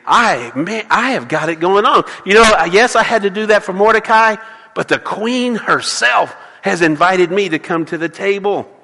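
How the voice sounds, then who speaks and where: A man's voice: high voice, moderate pace, pushed and bright, heavily acted. A man acting out a proud, boastful ancient courtier in a sermon. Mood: smug. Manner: boastful, self-satisfied. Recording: long hall reverb.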